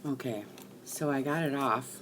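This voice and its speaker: A middle-aged woman rambling casually to live-stream viewers while she crafts at home, chatty and quick to swear. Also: very deep voice, noisy background.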